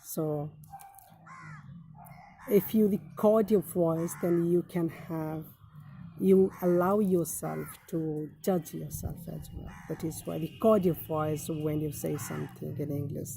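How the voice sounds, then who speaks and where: Woman English teacher, low gravelly voice, mellow tone, measured tips-style delivery. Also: steady tone, slight background noise. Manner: deliberate, repeats key phrases, many "now" openers. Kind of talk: instructional talk giving study tips.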